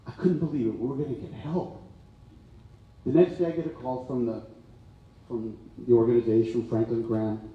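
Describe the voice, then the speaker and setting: A man's voice: mid-range voice, fairly even intonation, normal speed, pauses often. An older man, a county health physician, giving a rambling, emotional town hall speech full of fillers. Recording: echoey hall, distant mic, dull sound.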